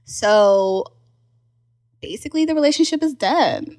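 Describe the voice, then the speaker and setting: A young adult woman on a podcast, casually telling a personal story in animated bursts, filling with "like" and laughing often. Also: medium pitch, moderate pace. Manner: animated storyteller, acts out quoted voices, frequent laughs and "like" fillers. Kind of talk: casual chat.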